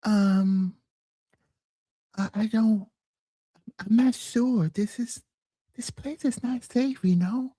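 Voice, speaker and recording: A woman doing an impression of a soft-spoken male pop star, hushed and stammering. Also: mid-range voice, takes it slowly, long pauses, dry recording. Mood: timid.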